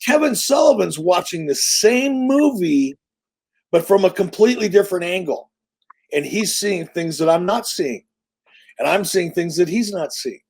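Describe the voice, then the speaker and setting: A middle-aged man tells a story in a casual interview, with a voice pitched a little high. He talks in an animated, profane, salesman-like way, full of confidence. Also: husky. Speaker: interview guest.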